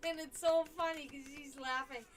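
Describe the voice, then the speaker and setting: Against a noisy background, a tarot reader hosting a live stream talks at a moderate pace in a high-pitched, fairly even voice. Between readings she chats away, curses casually, and talks baby talk to her pets, especially her cat.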